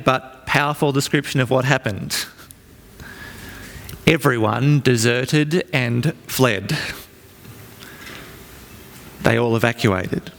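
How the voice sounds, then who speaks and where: Preacher in a reverberant hall. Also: male voice, a little high, gravelly, a bit bright. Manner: earnest, storytelling, with dramatic pauses. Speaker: pastor. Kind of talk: sermon. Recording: long reverb from a large hall.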